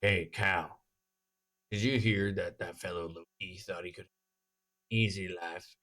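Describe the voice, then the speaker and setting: A streamer putting on a low, muttering old farmhand. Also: steady tone, unhurried. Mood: gruff, muttering. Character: gruff old male farmhand talking to cows. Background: loud game music.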